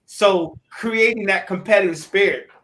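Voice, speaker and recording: A man on a discussion panel who speaks in short, measured phrases. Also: high-pitched, pushed and bright, a little hiss or hum.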